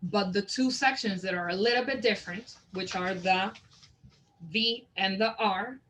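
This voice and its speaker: A woman leads a teacher-training session on reading instruction. She stretches each example word out slowly and carefully, then explains the rules in an ordinary mid-range voice. Her delivery is patient and instructional. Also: medium pitch, a bit bright, low-quality recording. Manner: slow, deliberate word modeling. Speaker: literacy trainer. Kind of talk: instructional demonstration.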